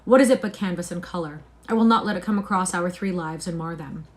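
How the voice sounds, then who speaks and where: A woman's voice: lowish voice, fast talker, natural voice. A woman reading aloud, voicing an earnest, wounded older male painter who pleads emphatically. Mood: distressed.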